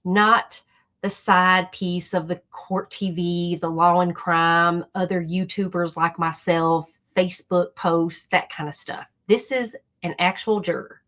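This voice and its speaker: A fairly low-pitched woman speaks unhurriedly while hosting a casual YouTube reaction commentary channel. Her manner is chatty and animated, and she talks directly to her viewers.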